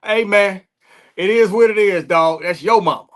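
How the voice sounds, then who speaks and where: A man's voice: high voice, moderate pace. A man co-hosting a podcast, bantering casually and laughing often. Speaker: podcast co-host. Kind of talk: casual chat.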